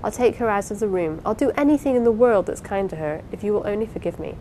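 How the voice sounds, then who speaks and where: An impulsive young wife pours out apologies and pleas in a bright, eager rush, as a woman reads her part aloud. Her voice sits in an ordinary middle range. A faint rumble runs under the audiobook recording. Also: expressive, fast, natural voice, poor audio. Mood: pleading. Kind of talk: audiobook character reading.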